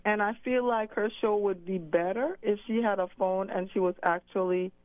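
A woman's voice: medium pitch, normal speed, dry recording. A woman calling in to a radio show, giving a frank, critical opinion. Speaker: caller. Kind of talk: opinionated call-in talk. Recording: phone line.

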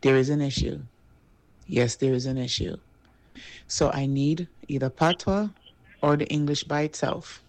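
Casting: man, gravelly voice, dry studio sound, firm and insistent. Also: a little high, steady tone, a little slow, long pauses, no echo, low-quality recording. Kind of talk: casual studio talk.

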